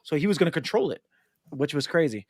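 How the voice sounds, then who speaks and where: A man hosting a casual podcast, chatting and acting out movie scenes in quick voices. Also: on the high side, no echo, studio quality. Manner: animated, acts out movie lines in voices. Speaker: podcast host.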